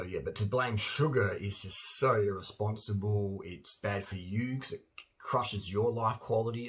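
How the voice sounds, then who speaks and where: A man, talking in a casual, blunt monologue and acting out silly voices with bursts of laughter. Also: fairly low pitch. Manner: animated, acts out silly voices and laughs often; blunt and opinionated. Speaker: vlogger.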